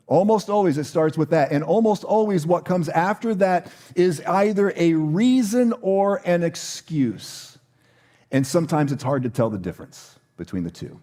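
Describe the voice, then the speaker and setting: Pastor, male, middle-aged; relaxed, high-ish mellow tone, loose conversational preaching. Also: normal speed. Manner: conversational, warm-hearted, with many fillers and restarts. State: choked up. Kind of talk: sermon with announcements.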